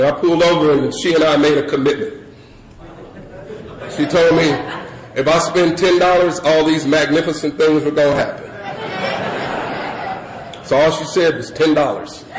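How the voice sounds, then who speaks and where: A middle-aged man telling his story to a recovery meeting in loose, animated talk full of "you know" and "man". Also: a little high. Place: meeting hall with an audience. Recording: echoey room with audience and background noise.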